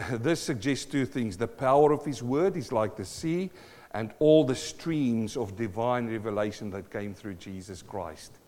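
A medium-pitched pastor, unhurried, gives a lively sermon, circling back on phrases and laughing between points. The long reverb of the hall surrounds his voice.

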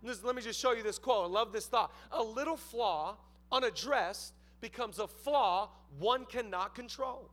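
A man preaching a sermon as pastor, telling stories with lively, acted-out voices. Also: extremely high pitch, moderate pace, few pauses. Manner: animated storytelling, acts out voices.

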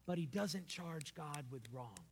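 A man preaching a sermon as pastor, building to slow, emphatic peaks. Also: on the high side, animated. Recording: long hall reverb.

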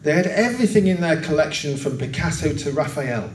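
A man preaching a sermon, telling a long story and acting out its voices with raised pitch. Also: lively intonation, a little fast, a little hiss or hum. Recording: roomy, distant church recording.

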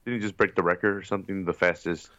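A man's voice: sits low, fairly even intonation, fast, sharp tone, dry recording, muffled recording. A man co-hosting a podcast, joking around in loose, profane sports banter. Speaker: podcast co-host. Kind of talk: casual sports chat.

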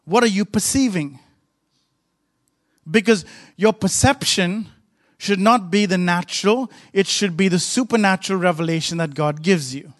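A man's voice: high-pitched, normal speed, no echo. A man pastor preaching a sermon with emphatic, repetitive rhythmic phrasing.

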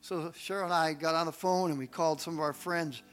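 High-voiced preacher telling a story. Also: male voice, brisk, soft background music. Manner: animated storytelling, acts out quotes. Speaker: pastor. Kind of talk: sermon.

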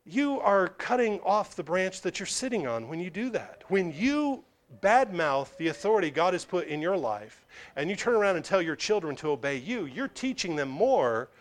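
A male pastor preaching a verse-by-verse sermon, emphatic and dropping low and quiet to drive points home. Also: very animated, moderate pace.

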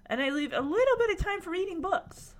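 A woman recapping a TV show in a casual vlog, animated and laughing often. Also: very high voice, fairly quick.

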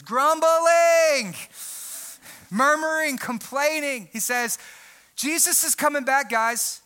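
A young adult man, a pastor, preaching a sermon in a loud, emphatic voice that breaks into shouting. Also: very high voice, expressive, slow.

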